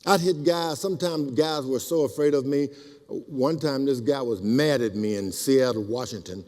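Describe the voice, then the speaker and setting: An older man tells lively stories to a crowd, acting out each quoted line. His voice sits at an ordinary middle pitch. A long hall reverb trails behind every word. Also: normal speed. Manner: animated, acts out quotes. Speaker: speaker. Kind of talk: storytelling speech.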